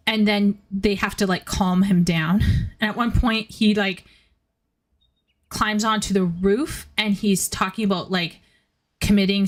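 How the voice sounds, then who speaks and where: A woman gaming and chatting casually, rambling along with plenty of fillers. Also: mid-range voice. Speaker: gamer reading game dialogue aloud. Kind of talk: casual let's-play chat.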